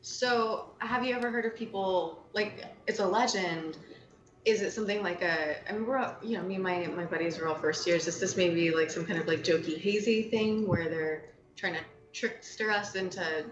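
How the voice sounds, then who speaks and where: A woman's voice: lowish voice, moderate pace, a little hiss or hum. A woman playing a tabletop game, bubbly and rambling, full of "like". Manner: bubbly, rambling with many likes. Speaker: player. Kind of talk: casual tabletop role-play. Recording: roomy, dull lo-fi sound.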